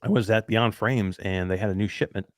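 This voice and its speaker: A man's voice: on the low side, fairly quick, no echo, clean studio sound. A man co-hosting a casual talk show, telling stories in a rambling way with lots of fillers and laughing at himself. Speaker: podcast co-host. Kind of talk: casual chat.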